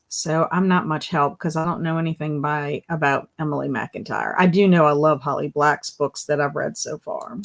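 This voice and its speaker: A woman hosting a casual livestream, greeting chatters by name with bright, rising hellos. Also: sits low. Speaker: livestream host.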